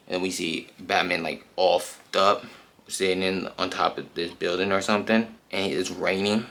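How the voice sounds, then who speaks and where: A man casually retelling a comic book in slangy, animated speech full of fillers. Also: low-pitched, normal speed.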